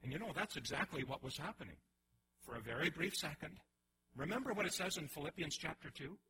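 Animated, bright-voiced male preacher. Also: fairly high pitch, fairly quick, a little hiss or hum, poor audio. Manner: animated, restarts often, acts out quoted voices. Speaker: pastor. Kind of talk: sermon.

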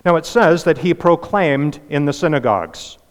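A man's voice: fairly high pitch, animated, normal speed. A male pastor preaching a sermon in a conversational way, with asides and restarts. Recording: long hall reverb.

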